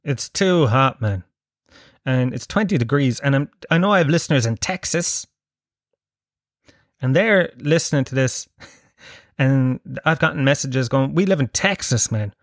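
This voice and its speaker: A man in his mid-thirties with a Dublin Irish accent, talking alone into the mic from his sitting room. He rambles, swears freely and pokes fun at himself. His pitch sits mid-range and the sound is dry and close. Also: lively intonation, a little slow, pauses often, no room sound. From Ireland. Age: 30s. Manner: rambling, sweary, self-mocking. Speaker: podcast host. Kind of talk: casual solo podcast monologue.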